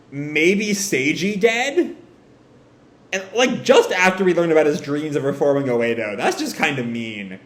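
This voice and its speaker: A man doing a live read-through of a comic and reacting to it in a casual, animated way, swearing freely. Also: a little high, roomy sound.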